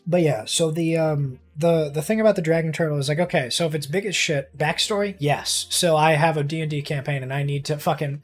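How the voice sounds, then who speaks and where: A young man chatting casually while streaming a game, rambling, swearing freely and getting excited easily. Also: on the high side, brisk, few pauses, soft background music. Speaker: livestreamer. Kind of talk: casual live-stream chat while gaming.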